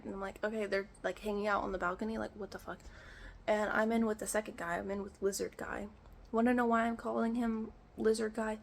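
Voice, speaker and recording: Exasperated young woman with a gravelly fry. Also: medium pitch, a little hiss or hum. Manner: exasperated, swearing, lots of filler "like". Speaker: vlogger. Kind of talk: casual storytime rant. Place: echoey room indoors, rain outside.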